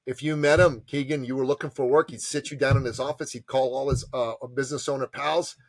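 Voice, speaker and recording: A man, an entrepreneur advisor and podcast guest, telling stories with passion and emphasis and acting out quotes in lively voices. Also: medium pitch, a little fast, no echo. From immigrant to Canada from a tyrannical country. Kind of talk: animated storytelling interview.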